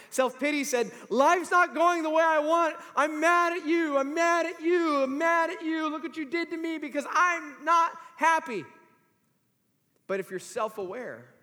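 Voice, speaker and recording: Male pastor, 40s, high voice, lively sermon storytelling, long hall reverb. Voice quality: high voice that climbs to shouts in stories. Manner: animated storytelling, acts out quoted voices. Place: church sanctuary.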